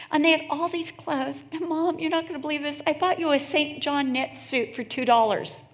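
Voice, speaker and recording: Woman doing her gushing, excited grown daughter. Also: high-pitched, voice pushed up. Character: excited adult daughter on the phone, thrilled bargain hunter. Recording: echoey hall.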